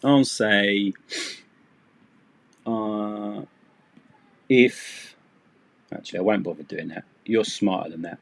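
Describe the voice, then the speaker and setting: Slow, chatty male English teacher. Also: fairly low pitch, creaky. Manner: chatty, rambling, self-deprecating asides. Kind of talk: live-streamed English lesson.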